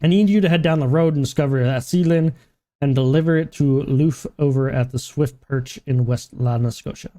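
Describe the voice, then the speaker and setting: A man voicing a gruff, overworked male dockside foreman who speaks in rough, old-fashioned dialect while reading game dialogue aloud. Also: medium pitch, normal speed, mellow, close to an everyday voice. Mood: urgent.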